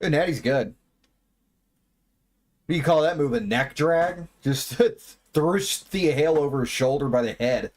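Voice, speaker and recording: Chatty man with a lively voice. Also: fairly high pitch, unhurried. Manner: chatty, wry, swears casually. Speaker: watch party host. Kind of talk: casual live commentary on a wrestling broadcast.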